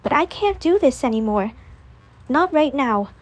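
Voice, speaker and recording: A woman's voice: sits high, lively intonation, a little slow. A woman voicing a grieving young woman rehearsing a farewell scene, in an earnest, pleading manner.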